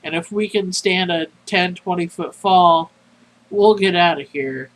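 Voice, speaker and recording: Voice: mid-range voice, measured pace, a little hiss or hum, lightly acted, rough recording. A player voicing Vinny, a blunt fed-up mortal. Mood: urgent. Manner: blunt, tough-talking. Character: fed-up streetwise mortal man in a horror game.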